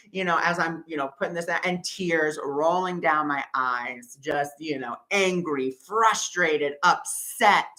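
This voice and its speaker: Bright-voiced man teaching a spiritual workshop. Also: on the high side, unhurried, hardly any pauses, rough recording. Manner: animated storytelling, acting out his own past outbursts. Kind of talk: workshop teaching through personal story.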